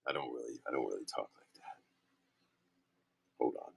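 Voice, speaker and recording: A man who owns a toy store, chatting casually through a live-stream auction, rambling with quick apologetic asides. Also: rumbling low, vocal fry, husky, dry recording, highs cut off. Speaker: toy store owner running online auctions. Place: indoor shop room.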